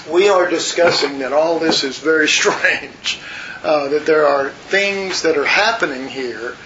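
A man's voice: a little high, fairly bright tone. A man teaching a Bible study in an earnest, rambling, conversational way, talking to his listeners as folks. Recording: muffled lo-fi recording with faint hiss.

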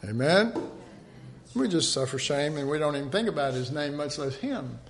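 A man teaching an informal Bible study, rambling and conversational, with many restarts, often dropping to a soft, earnest hush. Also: a little high, expressive, moderate pace.

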